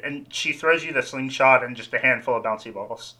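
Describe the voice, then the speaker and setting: A man narrating as game master of a tabletop game, relaxed and rambling. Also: mid-range voice, a little fast.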